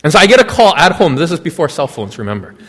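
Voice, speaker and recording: A man's voice: a little high, sing-song, fast talker, a bit bright, husky, big-room sound. A man preaching a sermon, telling a story and speaking directly to his listeners. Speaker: pastor.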